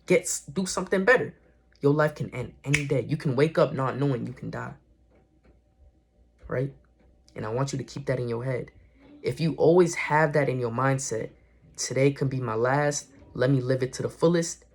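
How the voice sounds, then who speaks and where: Speaking at a normal pace with a medium pitch, this young vlogger offers casual spiritual encouragement to the camera. His voice has vocal fry and is slightly rough, and he's earnest and slangy, frequently repeating and correcting himself.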